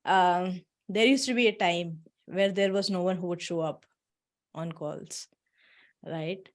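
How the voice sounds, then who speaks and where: A woman's voice: fairly low pitch, a little slow. A woman hosting an online workshop on a video call, chatting casually and encouragingly, laughing often. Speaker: workshop host. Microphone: computer mic on a video call.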